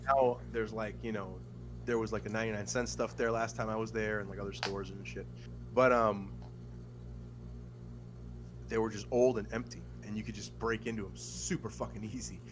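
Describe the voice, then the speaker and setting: A man's voice: on the low side, normal speed, background noise. A man casually telling a long story on a podcast, swearing often and rambling, with lots of fillers and quoted voices. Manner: profane, rambling, animated when acting out quotes. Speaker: podcast co-host.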